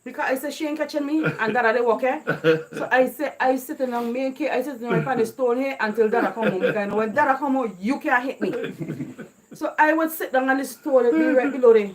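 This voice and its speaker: A woman's voice: high voice, quick pace. Laughing island woman telling childhood stories. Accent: Caribbean island creole English. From Caribbean island. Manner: laughs often while telling stories, lively and animated. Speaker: vlogger. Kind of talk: casual storytelling.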